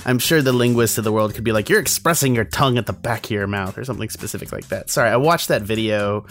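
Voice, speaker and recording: A man's voice: fairly low pitch, fast talker, fairly bright tone. A man co-hosting a movie podcast in casual chat, rambling and restarting his sentences. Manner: rambling, self-interrupting, repeats words. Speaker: podcast co-host.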